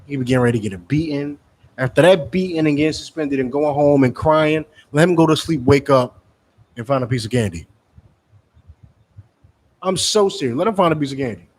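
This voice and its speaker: A street preacher, talking in a forceful, scolding rhythm. His voice sits slightly high, and he keeps circling back to the same lines. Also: brisk, long pauses.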